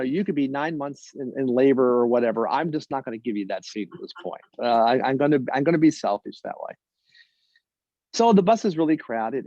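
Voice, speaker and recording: A man's voice: medium pitch, darkish tone, dry recording. Wry man telling a story, muffled and dry. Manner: wry, halting delivery with many restarts. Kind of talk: personal story told on stage.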